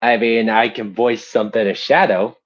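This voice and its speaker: A young man chatting on a live stream, rambling and self-deprecating about his amateur voice acting. His voice is fairly low, and he laughs easily. The audio is dull and lo-fi. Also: steady tone, moderate pace. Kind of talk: casual live-stream chat.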